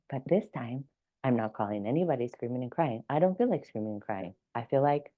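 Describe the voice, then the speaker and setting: Low-voiced woman musing in a vlog. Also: lively intonation, moderate pace, phone-quality sound. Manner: reflective, talks herself through things, laughs often. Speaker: vlogger. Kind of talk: casual personal vlog monologue.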